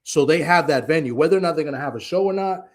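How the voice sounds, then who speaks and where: A man's voice: fairly high pitch, fast. A man co-hosting a casual live stream, retelling a conversation with lots of restarts and quoted asides. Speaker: co-host.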